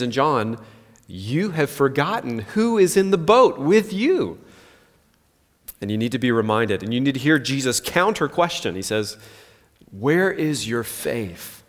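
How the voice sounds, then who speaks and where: A pastor in his thirties giving an earnest, conversational sermon full of rhetorical questions. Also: mid-range voice. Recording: long hall reverb.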